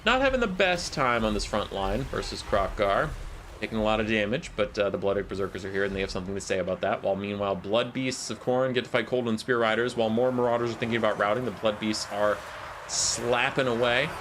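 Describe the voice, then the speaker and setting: A man casting a live strategy game match, calling the action in quick play-by-play and joking with his chat. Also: on the low side, fairly bright tone, slight background noise. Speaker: esports caster.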